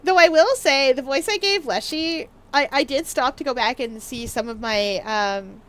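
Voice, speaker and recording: A woman's voice: high-pitched, moderate pace, few pauses, fairly bright tone. A woman streaming a game and chatting playfully with her viewers, with lots of ums and laughs. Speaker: gaming streamer. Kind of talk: casual chat while live streaming a game.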